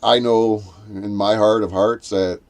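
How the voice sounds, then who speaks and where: A man's voice: little pitch movement, unhurried. A man in casual chat, telling a rambling story with many restarts and acting out quoted voices. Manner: acts out quoted voices in a raised pitch.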